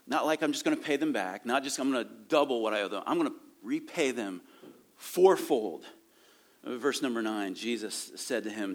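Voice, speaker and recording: A man's voice: mid-range voice, moderate pace. A man preaching a sermon in a church, reading scripture and breaking off into casual asides and chuckles. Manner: animated and conversational, reading scripture aloud with asides and laughs. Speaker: pastor. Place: church sanctuary.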